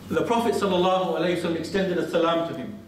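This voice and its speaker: Male preacher, slightly high voice, earnest storyteller; heavy hall echo, distant mic. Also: steady tone, very fast, a little hiss or hum. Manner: earnest storytelling with quoted Arabic recitations. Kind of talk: mosque lecture. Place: large mosque hall. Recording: very echoey hall, speaker far from mic.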